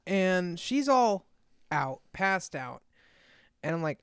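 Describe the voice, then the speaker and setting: A young man with a high, light voice tells a rambling anecdote on a casual podcast. He swears freely and chuckles through the telling, recorded close and dry. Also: big pitch swings, slow, clean tone, dry recording. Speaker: podcast co-host. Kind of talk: casual storytelling chat.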